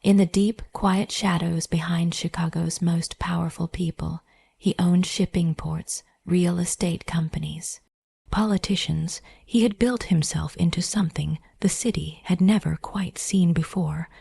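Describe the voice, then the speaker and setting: A woman tells a dramatic story in whispered role-play, her breathy whisper low, dark and gravelly. The sound is close and dry, with no room around it. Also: fairly even intonation, measured pace, no echo. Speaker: narrator.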